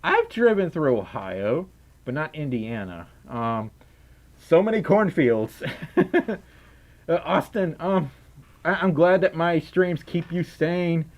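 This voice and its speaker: A man's voice: fairly high pitch, expressive, slow. A young man casually chatting on a livestream and reading out donations in a rambling, giggly way. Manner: rambling, giggly, easily distracted. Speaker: streamer.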